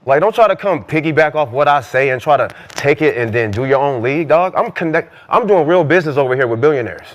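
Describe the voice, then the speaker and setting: A man on a podcast couch who talks fast and fires off trash talk in quick, repetitive bursts. His voice sits a little high for a man, and he leans on the same fillers again and again. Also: lively intonation, dull audio. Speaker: podcast co-host, former basketball player. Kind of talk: heated casual podcast banter.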